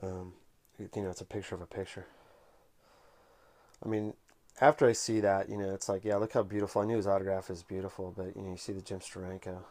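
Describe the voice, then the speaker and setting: Flat-voiced man telling a casual anecdote. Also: deep voice. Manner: unhurried, conversational storytelling. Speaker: comic collector vlogger.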